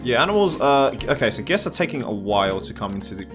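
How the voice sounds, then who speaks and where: A man's voice: medium pitch, sing-song, fast. Chatty American man over faint game music. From Massachusetts, USA. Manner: rambling, chatty, talks to the animals on screen. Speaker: gameplay commentator. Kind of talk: casual let's-play commentary. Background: faint game soundtrack music.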